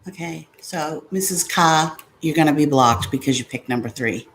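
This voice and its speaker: A woman's voice: low voice, normal speed, fairly bright tone. A woman vlogging casually at home, chatty and sarcastic, swearing when something frustrates her. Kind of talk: casual vlog chat. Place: home room with a fan.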